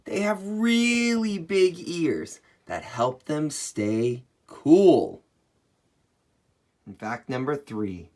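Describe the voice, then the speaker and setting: A woman presenting a children's learning video, speaking very slowly and deliberately. Her pitch swings widely and playfully as she gasps in surprise and imitates animal noises for young viewers. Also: a little mellow. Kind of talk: children's educational storytelling.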